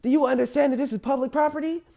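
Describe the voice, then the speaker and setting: A man voicing an indignant woman who scolds in a shrill voice. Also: fairly even intonation, rapid-fire, gravelly, warm tone.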